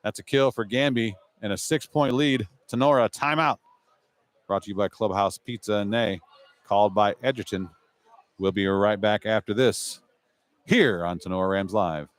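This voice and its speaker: Brisk, chatty live play-by-play comes from a man with a fairly low pitch who is the show's announcer. Between rallies he slips in casual asides.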